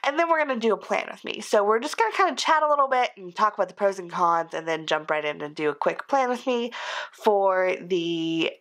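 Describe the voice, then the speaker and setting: A young woman with a cold, her voice hoarse and crackly, chatting casually and rambling a little as she vlogs about planning. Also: mid-range voice, animated, fairly quick, fairly bright tone. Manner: chatty, rambling and self-deprecating. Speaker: planner vlogger. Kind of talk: casual chat.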